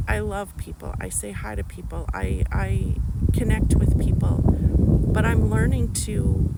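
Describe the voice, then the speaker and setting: A woman's voice: medium pitch, creaky, very noisy. A woman talking in an emotional personal vlog, angry and blunt, swearing often. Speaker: vlogger.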